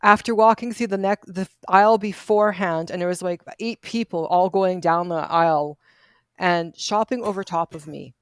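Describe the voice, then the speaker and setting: A woman from Canada vents in exasperation while co-hosting a casual livestream, swearing as she goes. Her voice sits fairly low and sounds dry and close to the mic. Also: moderate pace, clear, resonant tone, no echo. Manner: exasperated, profane venting. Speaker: livestream co-host.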